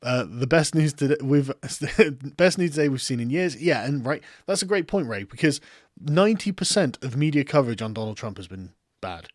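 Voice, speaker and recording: A man's voice: medium pitch, expressive, normal speed, no room sound, clean studio sound. Rambling English man reading chat comments. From England. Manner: rambling, laughs often, swears freely, self-mocking. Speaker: political commentary streamer. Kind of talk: casual livestream chat reading viewer comments.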